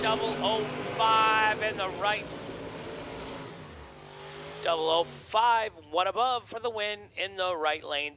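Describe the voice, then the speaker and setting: A man calling drag races live from the track, rattling off numbers and names with excited bursts. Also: high voice, slight background noise. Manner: excited rapid call of race results. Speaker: drag racing announcer. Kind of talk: live race commentary.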